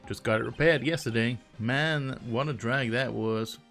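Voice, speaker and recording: A man's voice: medium pitch, normal speed, gravelly, a bit bright, faint music behind. A man putting on a laid-back Southern US accent to voice a grown male game character, drawling his words.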